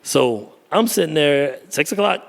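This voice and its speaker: A man, a photographer telling stories in a casual podcast chat, lively and quick to laugh. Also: on the high side. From Bahamas. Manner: animated storyteller with a gravelly voice and frequent laughter.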